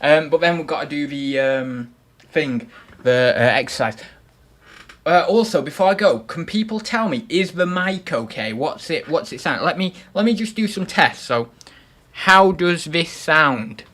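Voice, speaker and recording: A man's voice: a little high, animated, normal speed, a bit bright. Chatty young man. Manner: chatty, self-mocking, rambling. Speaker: livestream host. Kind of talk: casual livestream chat. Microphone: desktop microphone.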